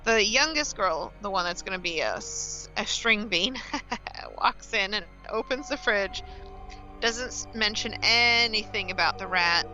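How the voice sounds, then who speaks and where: A woman chatting as a guest on a home podcast, her voice bright and her pitch moving a lot. She recaps scenes with wry asides and playful made-up lines, and faint music plays behind her. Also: animated, a little slow, rough recording. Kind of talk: casual recap chat.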